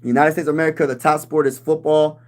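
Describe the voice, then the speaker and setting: A man in his thirties hosting a casual sports livestream, talking loose and slangy, calling everyone "bro" and breaking into shouts when he gets riled up. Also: on the high side, little pitch movement, quick pace. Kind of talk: casual livestream chat reading comments.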